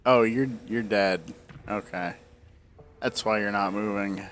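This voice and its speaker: A man's voice: on the low side, fairly even intonation, unhurried, fairly bright tone, soft background music. A man in his forties talking casually over gameplay, rambling off into tangents, hiccuping and speaking around a swollen tongue. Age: 40s. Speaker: gameplay video creator.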